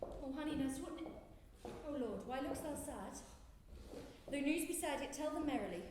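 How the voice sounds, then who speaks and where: A woman's voice: sits high, expressive, normal speed, background noise. An actress playing an eager, impatient young girl in love, pleading on a theatre stage. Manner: pleading, urgent stage delivery. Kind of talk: live stage acting. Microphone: distant room mic. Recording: echoey theatre from far off.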